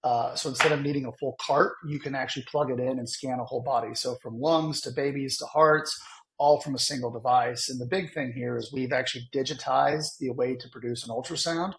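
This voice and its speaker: Podcast guest guy, really gravelly fry voice, eager, explains a lot with lots of uhs. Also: mid-range voice, fairly even intonation, fairly quick, a bit bright, slight background noise. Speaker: guest, sales executive. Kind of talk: casual interview chat.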